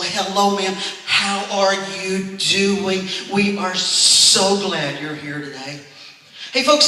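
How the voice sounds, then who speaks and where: A man's voice: sits high, sharp tone. A middle-aged man tells funny stories at a church, chuckling and calling the crowd sir and ma'am. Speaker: church comedian. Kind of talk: stand-up storytelling. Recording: echoey hall, distant mic.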